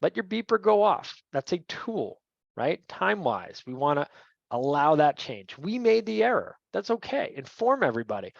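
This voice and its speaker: A man's voice: fairly high pitch, big pitch swings, moderate pace, creaky, no room sound. A man teaching a referee training session in a conversational way, often checking in with "right?". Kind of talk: training lecture. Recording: dull, dry lo-fi sound.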